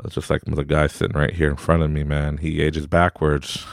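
A man's voice: a bass voice, little pitch movement, normal speed, gravelly, no room sound, clean studio sound. A man in his forties hosting a podcast, giving a rambling, upbeat motivational talk and laughing often. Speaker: podcast host.

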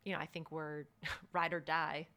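A woman's voice: low-pitched, little pitch movement, moderate pace, bright, forceful tone. A woman co-hosting a podcast, talking reflectively in casual chat and laughing often. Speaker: podcast co-host.

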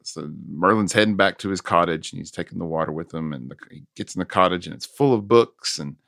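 Podcast host, man, very low and gravelly, laid-back plot recap, dry sound. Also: fairly quick, dry recording. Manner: relaxed recapping with fillers and laughs. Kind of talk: casual film recap.

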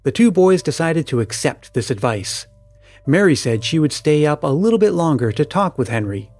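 Male storyteller, measured and calm, dry close recording. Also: on the high side, dry recording, faint music behind. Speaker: story reader. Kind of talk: storybook narration.

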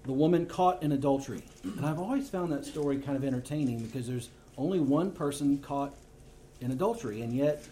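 A man preaching a sermon, reading scripture aloud and weaving in lively stories. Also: mid-range voice, brisk, a little hiss or hum.

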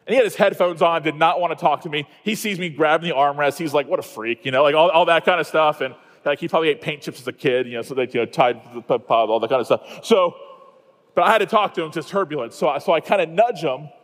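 Chatty preacher in an echoey hall. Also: male voice, a little high. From Iowa, USA. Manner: chatty, self-mocking, quick asides and restarts. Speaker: conference speaker. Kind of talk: storytelling sermon.

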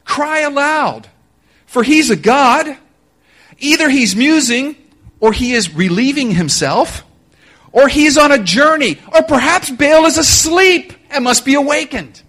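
A man's voice: very high-pitched, lively intonation, measured pace, a bit bright, pitched above the performer's own voice, exaggerated voice. A man voicing a bold, fervent older male prophet in a sermon retelling, taunting at first and then pleading. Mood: mocking.

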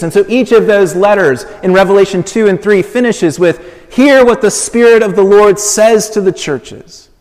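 A man preaching a sermon, measured and emphatic, building with slow repeated phrases. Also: high-pitched, darkish tone. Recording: long hall reverb.

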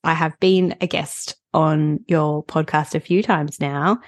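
A woman's voice: deep voice, steady tone, takes it slowly, dry recording. A woman hosting a podcast, chatty and giggling often between points. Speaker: podcast host. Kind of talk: casual podcast chat.

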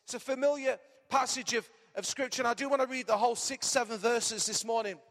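A man preaching a lively sermon as pastor, his voice strained, calling the congregation to repeat words back. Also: extremely high pitch, a little fast, big-room sound. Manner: energetic, animated preaching with call-and-response.

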